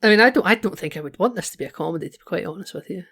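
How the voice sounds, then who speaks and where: A man co-hosting a podcast, chatting casually and animatedly about a film, quick to laugh. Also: high-pitched, animated, vocal fry, pushed and bright, breathy edge. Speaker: podcast co-host.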